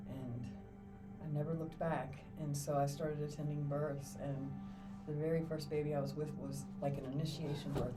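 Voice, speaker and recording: A middle-aged woman guest on a podcast, a doula, telling her stories in an animated way and acting out the people she quotes. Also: sits low. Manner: animated storyteller, acts out quotes, laughs often. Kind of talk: casual storytelling interview. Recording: distant mic with clear music behind.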